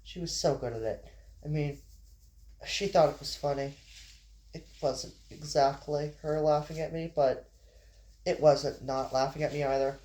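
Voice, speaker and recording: Male amateur narrator reading a story, relaxed delivery with frequent restarts. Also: a little high, measured pace, pauses often. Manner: stumbles and restarts, casual asides.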